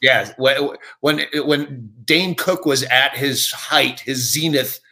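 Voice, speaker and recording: A man's voice: medium pitch, slow pace, creaky. A middle-aged man, a comedian, telling profane stories in a casual podcast interview. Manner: profane, animated anecdotes. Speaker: comedian guest.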